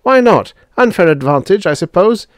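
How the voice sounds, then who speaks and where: A man's voice: medium pitch, big pitch swings, moderate pace, no room sound, studio quality, voice pushed up, lightly acted. A man voicing an impatient, contemptuous young spaceman who talks bluntly. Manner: blunt, scornful, shouting.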